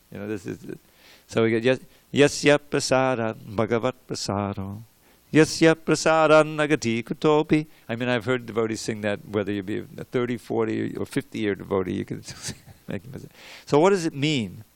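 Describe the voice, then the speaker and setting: A man's voice: lowish voice, creaky, no echo. An older man giving a devotional scripture class in a temple room, talking in a loose, conversational way with restarts, chanting verses and drilling pronunciation.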